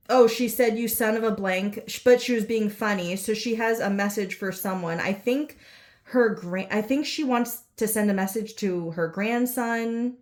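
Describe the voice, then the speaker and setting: A woman's voice: on the high side, darkish tone. A woman giving a casual psychic reading, rambling and unsure, full of fillers and self-corrections. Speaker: psychic reader. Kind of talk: casual spoken channelling reading.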